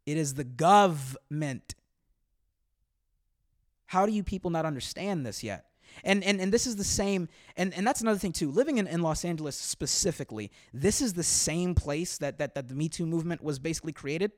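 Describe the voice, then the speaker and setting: A man's voice: on the high side, lively intonation, fast, no room sound. Man, comedian on a podcast, heated profane rant with stammered repeats, dry close sound. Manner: heated, profane, repeats words when worked up. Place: Los Angeles.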